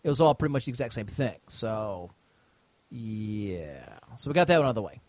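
A podcast host with a lowish, slightly mellow voice speaks expressively at a normal pace, with no room sound. He rambles and swears through a casual chat, reading listener mail and trailing off mid-sentence.

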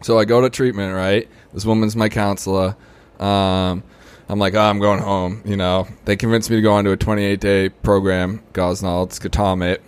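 A man's voice: fairly low pitch, flat delivery, moderate pace, clear, resonant tone. A young adult man, telling his recovery story in casual talk, full of "you know" and "right?". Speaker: podcast guest.

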